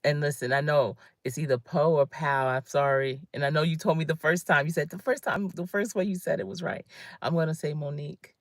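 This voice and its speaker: This fifty-something career coach talks briskly in a low voice with fairly even intonation. On her livestream she gives an emphatic, chatty motivational talk and greets viewers by name, all in studio quality with no room sound.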